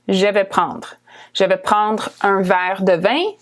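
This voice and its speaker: A woman with a Canadian accent teaching a language lesson, slowly repeating words and often checking in with "okay?". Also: medium pitch, steady tone. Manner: slow, careful repetition of words, frequently asking "okay?". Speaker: French teacher.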